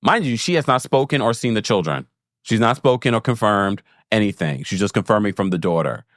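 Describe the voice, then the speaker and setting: Animated man recapping reality TV. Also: brisk, dry recording, studio quality. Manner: animated, jumps into high mocking voices when quoting people. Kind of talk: casual recap commentary.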